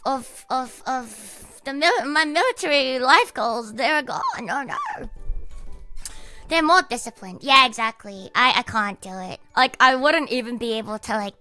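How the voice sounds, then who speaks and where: Lively woman chatting on stream. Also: fairly high pitch. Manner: rambling, filler-heavy, swearing, giggly. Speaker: livestreamer. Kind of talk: casual stream chat.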